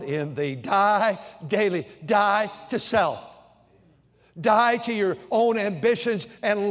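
An older man preaching a sermon, moving between quiet personal stories and loud, earnest calls to his congregation. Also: extremely high pitch. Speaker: pastor. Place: church sanctuary. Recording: long reverb of a large church hall.

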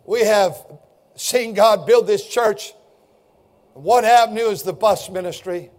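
Older male pastor with a very high voice, fiery pulpit delivery that climbs into shouts. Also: takes it slowly. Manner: impassioned, rising to shouts. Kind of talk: fiery sermon.

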